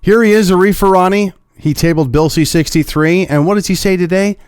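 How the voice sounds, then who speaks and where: A man's voice: high voice, brisk, clear, resonant tone, no echo, clean studio sound. A young man giving opinionated, sarcastic video commentary as the host of his own channel. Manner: sarcastic, mocking. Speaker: political commentator.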